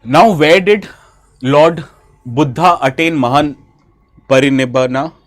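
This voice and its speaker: A man's voice: on the high side, a little slow. A man with an Indian English accent teaching a live online exam-prep lesson, quizzing viewers, reading their names from the chat and correcting himself as he goes. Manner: corrects himself mid-sentence.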